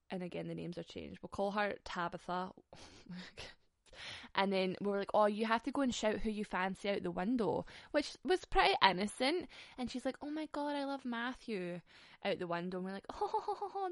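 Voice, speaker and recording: A woman's voice: medium pitch, gravelly, dry recording, clean studio sound. A young Scottish woman telling stories in a casual, sweary way, laughing often. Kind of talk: casual storytelling.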